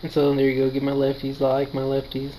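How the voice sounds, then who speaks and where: A man's voice: mid-range voice, completely flat delivery, fast, mellow, a little hiss or hum, poor audio. A tired, yawning man giving casual play-by-play commentary on his own game battle, quoting his own thoughts as he goes. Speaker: gaming commentator.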